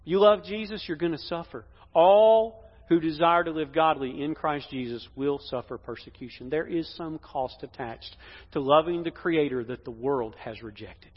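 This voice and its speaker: A pastor preaching a sermon in a church, emphatic, swinging between loud declarations and hushed lines. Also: male voice, on the high side, moderate pace. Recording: dull echoey hall sound.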